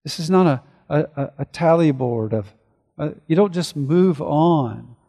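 A man preaching a sermon as a pastor, earnest, swinging between forceful declarations and hushed, slowed reflection. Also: a little high, lively intonation, big-room sound.

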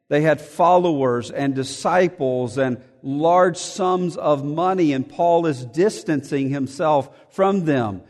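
A male preacher with a fairly high voice works through a scripture passage verse by verse. He reads each verse aloud, then explains it and hammers key phrases through repetition. His voice rings out with a long reverb, as if he is speaking in a large hall. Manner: emphatic, repeats key phrases for effect. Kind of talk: expository sermon.

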